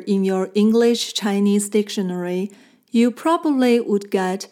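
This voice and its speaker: Mellow woman teacher explaining patiently. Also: medium pitch, expressive. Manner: clear, patient explaining with slow model phrases. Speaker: language teacher. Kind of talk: scripted lesson narration.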